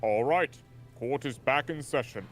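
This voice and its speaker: A man's voice: medium pitch, unhurried, lightly acted. A fussy, easily swayed old judge, as a man does the voice for a game playthrough. He speaks with dithering formality, and faint music sits under the voice. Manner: mild, dithering courtroom formality. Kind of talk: voiced game dialogue read-along.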